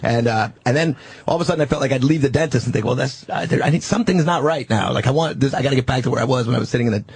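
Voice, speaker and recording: A man doing an impression of a rambling middle-aged comedian confessing his relapses on a radio comedy show, with halting, profane talk. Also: mid-range voice, a little mellow, breathy edge, no room sound. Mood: confessional. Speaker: guest in a mock intervention.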